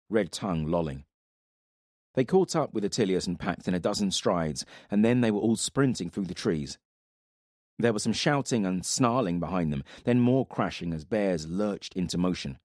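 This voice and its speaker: A man narrating a fantasy audiobook in a dramatic, steady manner. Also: low-pitched, no echo, studio quality.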